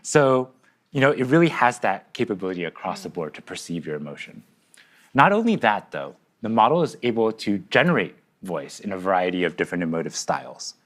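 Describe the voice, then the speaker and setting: Relaxed presenter, man, animated delivery, conversational. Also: low-pitched, fairly quick. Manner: casual, upbeat, explanatory. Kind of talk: live product demo.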